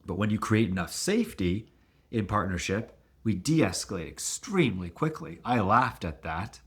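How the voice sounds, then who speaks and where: Animated man coaching couples. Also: moderate pace, husky. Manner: animated, acts out quoted voices with big pitch jumps. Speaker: relationship coach. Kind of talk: teaching talk to camera.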